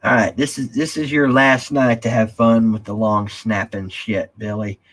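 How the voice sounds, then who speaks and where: A man with a drawl hosts a casual live stream, chatting loosely and answering viewer comments as he goes. His voice sits on the low side and carries a husky, slightly breathy edge. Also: fairly even intonation, moderate pace, fairly bright tone. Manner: rambling, drawling, reads viewer comments aloud. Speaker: live stream host reading chat.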